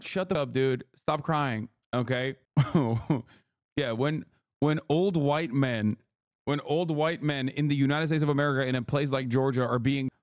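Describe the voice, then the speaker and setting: A man's voice: medium pitch, a little mellow, no echo. Streamer guy roasting his chat, swears a lot, dry close sound. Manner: mocking, profane, ranting at chat. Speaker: streamer reacting to a video. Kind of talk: casual live-stream chat.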